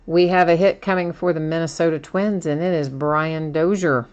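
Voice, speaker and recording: Low-voiced chatty woman. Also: steady tone, moderate pace, darkish tone, muffled recording. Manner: chatty, laughs often, reads chat aloud. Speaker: card break host. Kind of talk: casual live-stream commentary.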